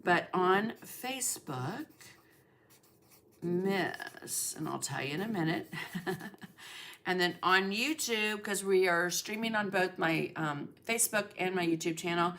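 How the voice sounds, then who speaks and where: This art instructor is a middle-aged woman whose voice sits fairly low and has a bit of brightness. Hosting a relaxed livestream, she speaks slowly, greets viewers by name and fills her chat with plenty of fillers.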